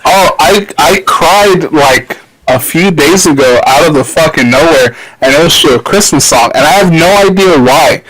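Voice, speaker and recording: Podcast guy fumbling for words, kinda high voice, lots of restarts. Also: over a noisy crowd, rough recording. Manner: halting, restarts, searching for words. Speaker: podcast co-host. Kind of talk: casual chat.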